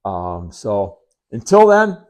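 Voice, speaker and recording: A middle-aged man from Wisconsin rambling casually to camera, unhurried and full of ums, with sarcastic asides. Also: lowish voice, wildly swooping pitch. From Wisconsin, United States. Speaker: vlogger.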